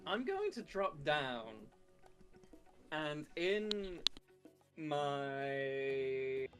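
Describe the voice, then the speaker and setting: Excitable man player, high and lively. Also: drawn-out words, music in the background. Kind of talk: casual tabletop chat.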